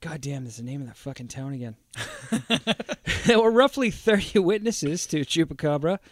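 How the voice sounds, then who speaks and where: A man with a high-pitched voice recorded very dry and close, co-hosting a casual podcast chat. He jokes and swears freely while reading out the story. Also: animated, moderate pace, no room sound. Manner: profane, joking storyteller. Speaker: podcast co-host.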